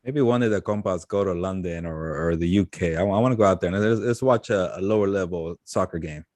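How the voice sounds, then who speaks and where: Low-voiced guy co-hosting, joking around, tosses in spanish words, dry mic. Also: brisk, a little mellow, no room sound. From Latino American. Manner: playful, mixes in Spanish words. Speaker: podcast co-host. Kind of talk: casual chat.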